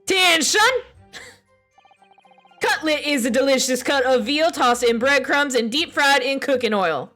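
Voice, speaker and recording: A woman barking as a loud army sergeant. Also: high-pitched, moderate pace, few pauses, soft background music. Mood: stern. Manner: barking, shouted military commands.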